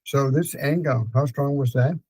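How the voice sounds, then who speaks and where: A man with a Danish accent calmly guiding a client through a therapy session, repeating prompts slowly. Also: medium pitch, husky, no room sound, rough recording. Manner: calm, repetitive prompting with fillers.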